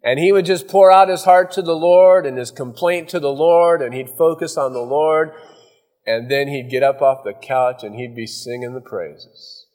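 Man, pastor, folksy conversational sermon, mid-pitched voice, long hall reverb. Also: normal speed, darkish tone. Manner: folksy, conversational preaching with acted-out asides. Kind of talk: verse-by-verse sermon.

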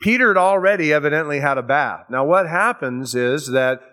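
A man's voice: fairly high pitch, lively intonation, bright, forceful tone. A man preaching a verse-by-verse sermon, earnest, rising and falling in volume and acting out quotes in casual modern words. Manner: slow, earnest preaching that rises and drops in volume. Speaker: pastor. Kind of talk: sermon, verse-by-verse Bible teaching.

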